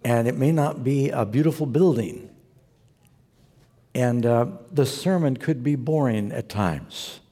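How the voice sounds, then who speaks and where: A man's voice: mid-range voice, a little slow, warm tone, breathy edge. A man preaching a sermon as a pastor, telling stories earnestly and exhorting the congregation. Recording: long reverb of a large hall.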